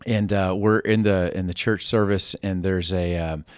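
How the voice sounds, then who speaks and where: A man's voice: low voice, steady tone, moderate pace, clean tone, no room sound, clean studio sound. A man hosting a casual chat, talking in a conversational, affirming way. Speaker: host.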